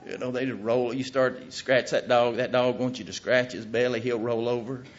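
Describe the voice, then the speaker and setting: A middle-aged man preaching a sermon in a folksy, emphatic way, with his voice rising to loud peaks. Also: medium pitch, steady tone, moderate pace. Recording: muffled lo-fi recording.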